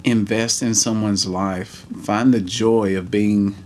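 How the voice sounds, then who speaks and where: Forties guy vlogging, sincere and halting, kinda low voice. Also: fairly even intonation, darkish tone, a little hiss or hum. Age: 40s. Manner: earnest, heartfelt storytelling with halting pauses. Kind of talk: personal reflective vlog.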